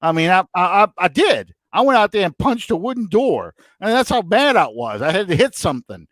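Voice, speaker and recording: Animated, excitable man talking sports. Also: high-pitched, brisk, no room sound. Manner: excitable, rambling, animated storyteller. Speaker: podcast co-host. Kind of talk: casual sports chat. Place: home, room with a TV.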